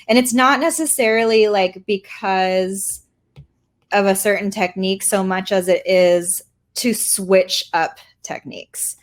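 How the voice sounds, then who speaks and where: A woman walks through a digital painting demo in a chatty, meandering style, filling pauses with "um" and "like". Her voice sits at an ordinary middle pitch, and she sounds like she is talking into a mic on a video call. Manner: chatty, rambling, self-deprecating, lots of fillers. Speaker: artist teaching a workshop. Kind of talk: casual live demo tutorial.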